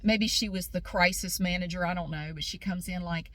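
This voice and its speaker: A woman's voice: lowish voice, brisk, few pauses, fairly bright tone, slight background noise. A woman telling a story in a casual vlog, speaking bluntly and with indignation. She drives her points home by repeating them. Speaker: vlogger.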